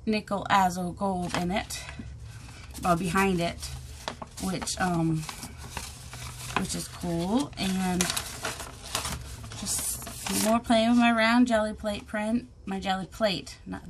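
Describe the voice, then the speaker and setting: A woman's voice: mid-range voice, a little hiss or hum. A woman hosting her crafting channel, rambling and self-deprecating, chatting casually as she shows her work. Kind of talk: casual chat.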